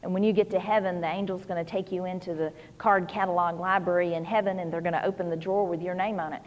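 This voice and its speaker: A woman's voice: on the low side, steady tone, fast, dull audio. Folksy woman preaching in a hall. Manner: conversational, folksy storytelling with many "you know"s. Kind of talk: sermon.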